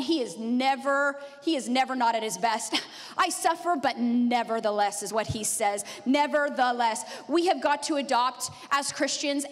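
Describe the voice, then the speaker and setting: High-voiced woman preaching in a reverberant hall. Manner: animated storytelling, laughing often. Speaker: pastor. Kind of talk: sermon. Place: church sanctuary.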